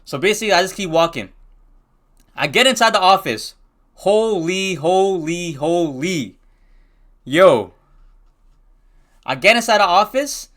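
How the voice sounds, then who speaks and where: High-voiced young man telling a wild story. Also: moderate pace, pauses often. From Pakistan. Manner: slangy, excitable, full of restarts. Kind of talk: casual storytime.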